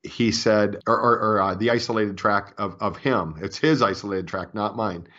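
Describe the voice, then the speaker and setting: Low-voiced man telling a ghost story. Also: normal speed, fairly bright tone. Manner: earnest, convinced, many restarts. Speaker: author guest. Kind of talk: earnest storytelling interview. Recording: dull lo-fi audio.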